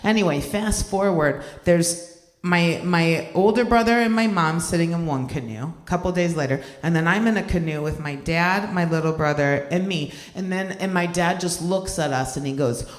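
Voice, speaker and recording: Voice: medium pitch, moderate pace. A young adult stand-up comedian performing live, talking conversationally, poking fun at themself and checking in with the crowd. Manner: conversational, self-deprecating, keeps checking in with the crowd. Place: event hall stage. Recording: roomy hall reverb.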